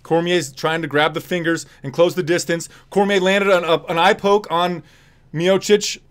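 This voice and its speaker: A man giving casual play-by-play fight commentary on a live stream, quick and loose with fillers and restarts. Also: high-pitched, steady tone, clear, resonant tone.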